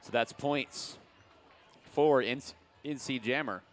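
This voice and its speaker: A man's voice: medium pitch, slow pace. Chatty man calling derby play-by-play. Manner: chatty play-by-play with jokes, hypes the crowd. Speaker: roller derby announcer. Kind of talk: live sports commentary.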